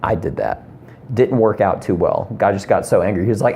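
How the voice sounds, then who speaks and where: Low-voiced guy ranting, swears a lot, ums everywhere, some faint background hiss. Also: brisk, mellow. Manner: rambling, profane, lots of ums. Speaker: comedian vlogger. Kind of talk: profane comedy rant.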